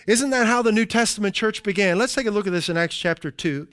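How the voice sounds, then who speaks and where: A middle-aged man preaching a sermon as pastor, slowing down to stress key phrases and dropping into conversational asides. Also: high-pitched, fairly bright tone, clear, resonant tone, no room sound. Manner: slows down for emphasis, conversational asides.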